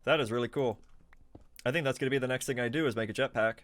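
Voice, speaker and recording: Male game streamer, medium pitch, casual and chatty, quick to laugh and startle. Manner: chatty, laughs often, excitable reactions. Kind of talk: casual live gameplay commentary.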